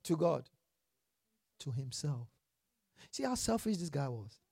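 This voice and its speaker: Preacher mid-sermon; husky delivery, dry close sound, quizzes the congregation, builds to emphatic peaks. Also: mid-range voice, big pitch swings, a little slow, no room sound. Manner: asks the congregation questions and answers them; emphatic, building to loud passages. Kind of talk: sermon with Bible reading.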